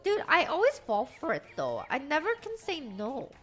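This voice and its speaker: A woman streamer chatting casually, telling stories in an animated, profane way. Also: high voice, moderate pace, soft background music. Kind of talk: casual livestream chat.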